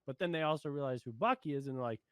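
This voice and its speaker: A man's voice: medium pitch, very fast, clean tone, no echo. A young man co-hosting a casual show review, recapping scenes in an easygoing way, laughing often and stopping to find words.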